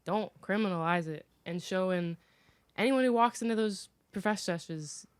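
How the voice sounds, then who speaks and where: A woman guest on a podcast talks earnestly and thoughtfully, leaning on lots of filler words as she works through her ideas. Her pitch is an average middle, and the recording is dry, with no room echo. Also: moderate pace, smooth. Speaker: podcast guest, cannabis event founder. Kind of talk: casual podcast chat.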